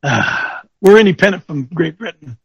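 A man coaching an audience, speaking in an animated, teasing way that quizzes listeners with questions and thinks aloud. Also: on the high side, normal speed, breathy edge, no echo. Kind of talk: lecturing talk with rhetorical questions.

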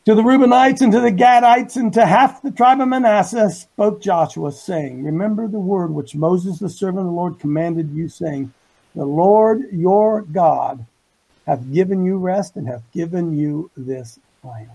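A man's voice: sits high, a little slow, vocal fry, mellow, poor audio. A man teaching the Bible in a folksy, emphatic way, paraphrasing scripture in slang. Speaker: Bible teacher on a talk show. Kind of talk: folksy preaching Bible study.

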